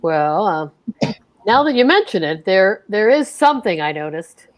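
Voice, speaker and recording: A woman's voice: mid-range voice, very animated, moderate pace, lightly acted. A woman playing a placating middle-aged husband in an old-time radio play. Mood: soothing. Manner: coaxing, placating. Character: husband George, soothing middle-aged man. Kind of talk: 1940s radio acting.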